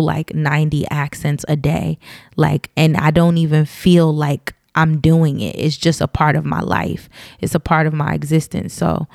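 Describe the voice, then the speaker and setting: A woman's voice: deep voice, creaky, a little mellow, no echo, clean studio sound. A woman with a light Southern US twang talking in a casual opinion monologue to her listeners. She is chatty and candid, with many ums and asides.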